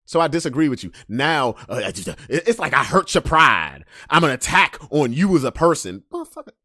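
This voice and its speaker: A man hosting a podcast, ranting casually, swinging from loud emphasis to low mutters. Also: big pitch swings, a little fast, few pauses, no echo, clean studio sound. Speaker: podcast host. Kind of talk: casual monologue rant.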